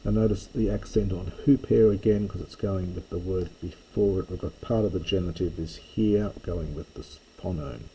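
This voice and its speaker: An older man giving a slow, halting line-by-line lecture, pausing often with ums and restarts. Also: deep voice, steady tone, dark tone, slight background noise, poor audio. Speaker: classics lecturer.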